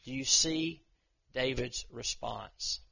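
A man preaches to a group of men in an earnest, plain-spoken way, slowing down to read scripture aloud. His voice is gravelly with a bright, forward edge. The recording is muffled and lo-fi. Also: medium pitch. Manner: earnest, reads scripture slowly then talks plainly. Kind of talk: informal sermon.

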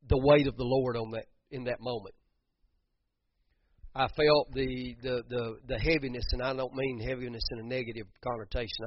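A man's voice: mid-range voice, no echo, dull audio. A middle-aged man preaching a sermon, fervent, repeating phrases for emphasis and restarting his sentences often. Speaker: pastor.

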